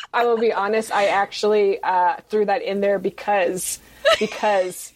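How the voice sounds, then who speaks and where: A woman's voice: mid-range voice, big pitch swings, takes it slowly, slight background noise. A woman author chats on a podcast in a middle-range voice. She rambles, restarts her sentences and laughs often. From United States. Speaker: guest author. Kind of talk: casual podcast interview.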